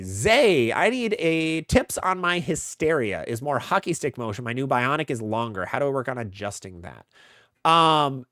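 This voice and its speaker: Casual bowling streamer answering chat. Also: male voice, medium pitch, fairly bright tone, dry recording, clean studio sound. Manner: casual, advice-giving, many fillers. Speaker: bowling channel host.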